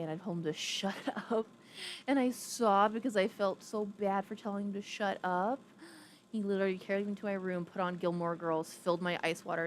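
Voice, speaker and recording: On her live stream, a young adult woman talks fairly quickly, rambling casually and reading out what viewers comment. She slips into a high baby voice to coo at a pet. Faint background noise comes through her ring-light streaming setup.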